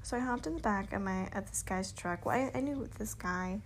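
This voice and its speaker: A woman's voice: mid-range voice, brisk, a little hiss or hum. A young woman vlogger telling a story in casual chat, swearing freely and laughing through it. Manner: profane, laughing, bubbly.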